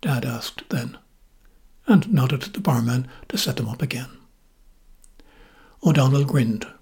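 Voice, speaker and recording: An Irish man narrates a storytelling podcast in a measured, gently wry way. His voice is very husky and raspy, with a pitch in the middle range for a man. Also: animated.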